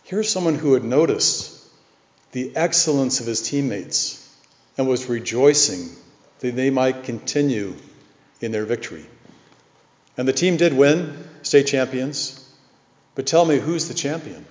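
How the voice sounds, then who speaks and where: A man preaching a sermon, telling a story in an earnest, measured way. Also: medium pitch, darkish tone. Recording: echoey hall, dull lo-fi sound.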